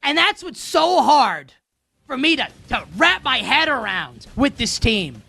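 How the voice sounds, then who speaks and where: A sarcastic, ranting man hosts a sports betting show, his high voice leaping all over the place as he drives home his point with repetition. The tone is bright and sharp, recorded dry with no room sound. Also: very animated, unhurried, gravelly, husky, dry recording, soft background music. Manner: emphatic repetition. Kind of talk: heated sports commentary.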